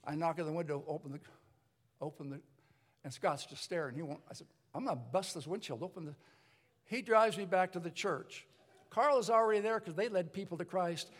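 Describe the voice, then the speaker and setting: An older man, a pastor, telling his story in a sermon, lively, with many restarts and acted-out voices. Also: high voice, fairly quick. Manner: animated storyteller, acts out voices, rambling restarts. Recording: long hall reverb.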